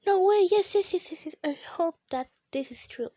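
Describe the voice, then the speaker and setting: Excitable high-voiced female gamer, dry sound. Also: dry recording. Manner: excitable, gasping, frequent exclamations, talks to viewers; drops to a whisper at times. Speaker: gaming channel host. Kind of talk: excited let's-play commentary.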